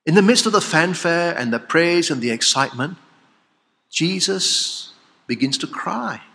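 A man preaching a sermon, swinging from loud exclamations to hushed, solemn lines. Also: on the high side, animated, a little slow, gravelly. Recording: long hall reverb.

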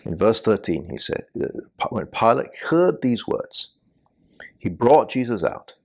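A man preaching an expository sermon, measured and rising to emphatic points. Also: fairly low pitch, big pitch swings, vocal fry.

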